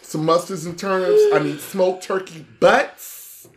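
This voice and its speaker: Loud, profane podcast co-host. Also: animated, unhurried, very noisy. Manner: loud, profane, emphatic with big pitch swings. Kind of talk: casual chat.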